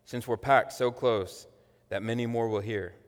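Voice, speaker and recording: A man reading aloud the lines of a serene, devout young woman prisoner, calm and insistent. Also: mid-range voice, unhurried, natural voice. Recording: long echoey hall reverb.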